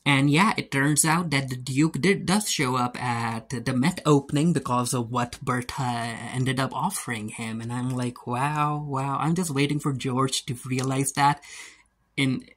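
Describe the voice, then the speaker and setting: A casual reviewer recapping a TV episode, who keeps slipping into quick put-on voices for the characters. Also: fairly bright tone, husky. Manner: retells scenes, briefly voicing the characters with pitch jumps.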